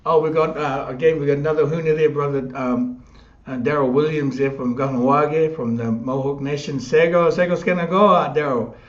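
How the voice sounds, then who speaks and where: A man hosting a live online chat, upbeat and quick to laugh. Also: on the high side, steady tone, echoey room, highs cut off. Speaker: host.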